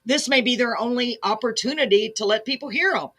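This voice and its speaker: A woman's voice: a little high, a little fast, fairly bright tone, breathy edge. Gushing woman host losing her voice. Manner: gushing, effusive praise. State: losing her voice, clearing throat. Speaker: show host. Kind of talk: casual interview chat.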